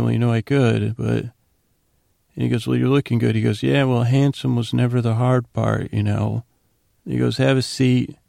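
Gravelly low-voiced man rambling a recap. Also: mellow, no room sound, studio quality. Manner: rambling, retells scenes with quick quoted lines. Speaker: podcast host recapping a TV episode. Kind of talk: casual comedic recap.

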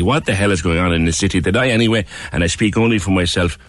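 A man's voice: sits low, quick pace, a bit bright, faint music behind. A man hosting a radio phone-in, talking earnestly and repeating phrases for emphasis. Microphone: studio microphone.

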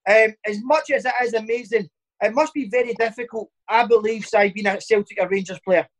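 A man's voice: high-pitched, brisk, rough recording. A man with a Glaswegian Scottish accent hosting a podcast, cheeky and teasing, telling sweary stories. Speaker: podcast host, ex-footballer. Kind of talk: casual chat.

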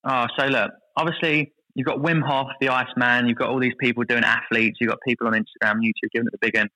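A man in his thirties telling lively stories as a podcast guest, acting out what others said. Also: medium pitch, quick pace, rough recording. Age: 30s. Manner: lively anecdotal storytelling, voices others in quotes. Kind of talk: casual podcast chat.

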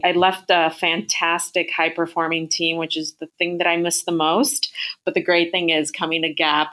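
A woman's voice: deep voice, fairly bright tone. A woman being interviewed as a chief marketing officer, talking in an upbeat, thoughtful way with frequent fillers and restarts. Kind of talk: business interview.

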